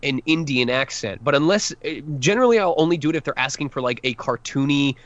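A man's voice: mid-range voice, animated, quick pace, no room sound, highs cut off. A man voice actor giving advice in a podcast interview, earnest and emphatic, restarting his sentences often. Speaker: voice actor guest.

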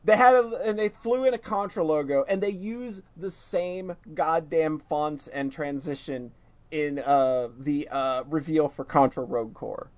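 A man co-hosting a casual gaming podcast, excitable and full of swearing. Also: on the high side, measured pace. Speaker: podcast co-host.

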